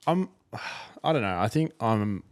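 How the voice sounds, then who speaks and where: Dry-humored man, low voice. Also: animated, unhurried. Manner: dry, teasing quips. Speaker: podcast co-host. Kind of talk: casual chat.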